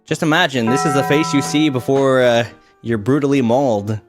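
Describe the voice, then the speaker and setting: A man's voice: mid-range voice, steady tone, moderate pace, music in the background. A young man streamer in playful casual chat, joking and trying out impressions. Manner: jokey, slips into impressions.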